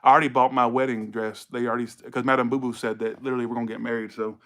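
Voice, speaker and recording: A man's voice: mid-range voice, flat delivery, racing, a bit bright, natural voice. Man doing naive lovesick woman, dreamy, gullible, mocked. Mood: mocking. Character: gullible female viewer pining for an ex.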